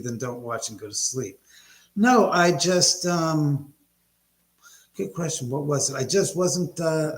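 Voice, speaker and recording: Male livestream host, casual and chatty, middle voice, echoey home room. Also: medium pitch. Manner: rambling, chatty, greets viewers by name. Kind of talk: casual live chat with viewers.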